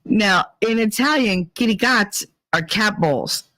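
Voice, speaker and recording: Animated New Jersey woman telling stories. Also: medium pitch, slow pace, no room sound. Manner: animated, laughs often, swears freely. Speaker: podcast host. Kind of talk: casual storytelling monologue. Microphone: home computer mic.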